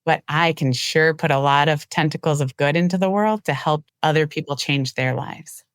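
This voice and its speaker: A woman's voice: low voice, normal speed, no echo, studio quality. A woman guest on an interview show, telling stories and acting out the quoted dialogue in them. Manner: lively storyteller who acts out quoted dialogue. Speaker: marketing executive, guest. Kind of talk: casual interview storytelling.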